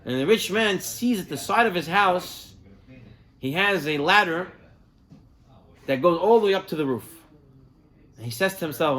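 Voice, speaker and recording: A man, a rabbi, giving a sermon with animated storytelling and Hebrew terms woven into his speech. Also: sits high, moderate pace, long pauses.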